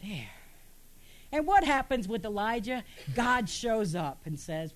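Woman pastor, high voice, emphatic sermon delivery with rhetorical questions, speaking in a church. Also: sing-song, slow pace.

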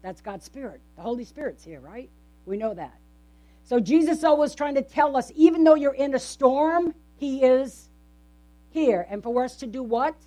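Woman preacher, fairly high voice, conversational sermon, rhetorical questions, faint electrical hum. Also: lively intonation, normal speed, dark tone. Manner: conversational, asks the congregation frequent rhetorical questions. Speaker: pastor. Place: church.

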